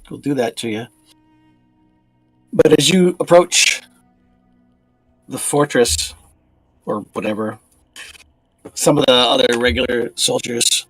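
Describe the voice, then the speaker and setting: A man's voice: medium pitch, no room sound, low-quality recording. A man narrating as game master of a tabletop role-playing game, talking in a casual, loose way. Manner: casual and loose, with many fillers and restarts.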